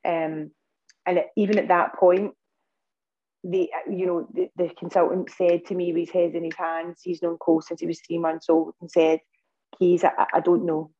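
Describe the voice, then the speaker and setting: A Scottish woman speaks as a podcast guest, recounting events earnestly with plenty of ums and restarts. Her voice sits low and stays fairly level, with a warm, mellow tone. The recording sounds a little dull and lo-fi. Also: little pitch movement, moderate pace. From Scotland. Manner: earnest storytelling with many fillers and restarts. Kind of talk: casual interview talk.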